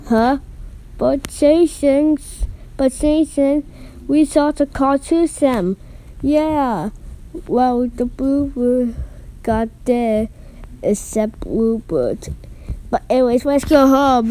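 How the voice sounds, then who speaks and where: High, slow, excitable woman doing cartoon voices. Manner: excitable, full of gasps and exclamations. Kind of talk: homemade cartoon voice acting.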